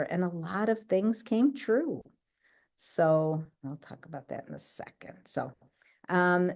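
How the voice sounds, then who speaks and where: Chatty woman with a low voice. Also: darkish tone. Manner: chatty, keeps checking in with "right?". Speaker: speaker sharing her healing story. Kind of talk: casual talk on a video call.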